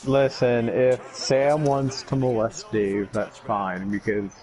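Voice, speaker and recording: A man's voice: medium pitch, little pitch movement, takes it slowly, a little mellow. A young man casually telling dry anecdotes to friends during a video game session. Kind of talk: casual gaming chat.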